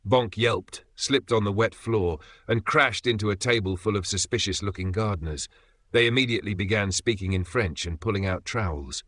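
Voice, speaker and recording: A man giving brisk, dry scripted comic narration. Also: fairly low pitch, fairly bright tone, no echo.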